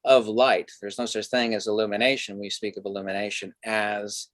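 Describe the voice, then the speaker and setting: Man, low voice, dry close sound, rambling lecture-style podcast guest. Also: level tone, fairly quick, fairly bright tone, no room sound. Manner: discursive, lecturing, many fillers. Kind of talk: philosophical conversation.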